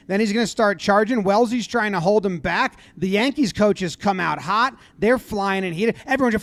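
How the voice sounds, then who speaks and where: A high-pitched man talks through game footage in relaxed commentary. He jumps into loud, animated impressions of the players. The sound is close and dry, with no room echo. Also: moderate pace, hardly any pauses. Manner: animated, acts out players' lines in loud voices. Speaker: commentator breaking down a baseball brawl video. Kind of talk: casual play-by-play commentary.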